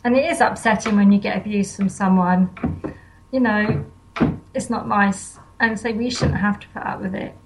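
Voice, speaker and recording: A woman's voice: mid-range voice, fairly even intonation, normal speed, a little hiss or hum, low-quality recording. A woman guest in an interview, talking earnestly and plainly. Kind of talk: conversational interview.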